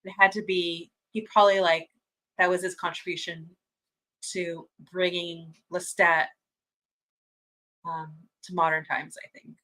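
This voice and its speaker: A woman with a lowish voice hosts a fan watch-party stream, talking a little slowly with long pauses as she chats casually and reads viewer comments. She gushes excitedly, laughs often and restarts her sentences, and the recording is rough.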